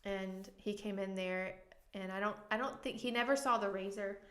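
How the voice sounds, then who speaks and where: A woman's voice: mid-range voice, steady tone, moderate pace, a bit bright. A woman pastor giving a candid, emotional personal testimony as a podcast guest, earnest and full of ums and likes. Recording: echoey room.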